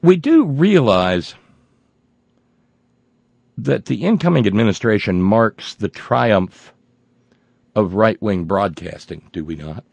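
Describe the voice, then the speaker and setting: A man's voice: on the low side, lively intonation, unhurried, gravelly, breathy edge, dry recording, lo-fi sound. A man hosting a political talk show, ranting sarcastically with many stumbling restarts.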